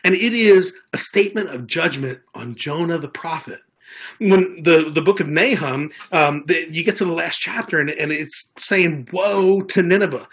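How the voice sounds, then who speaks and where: Husky-voiced man preaching a sermon. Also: a little high, a bit bright. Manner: earnest, conversational preaching with frequent restarts. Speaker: pastor.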